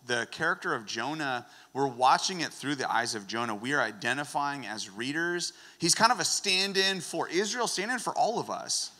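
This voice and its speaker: A man giving a lively, joking sermon in a conversational teaching manner. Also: a little high, moderate pace, few pauses, big-room sound. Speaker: guest preacher.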